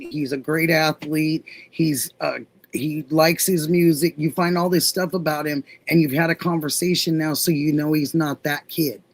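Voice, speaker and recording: A middle-aged woman hosts a casual livestream and recounts a story at an unhurried, drawn-out pace. She brings the dialogue to life as she retells it. Her voice sounds dry and close, with no room echo. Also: low-pitched. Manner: animated retelling, acting out quoted dialogue. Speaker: livestream host.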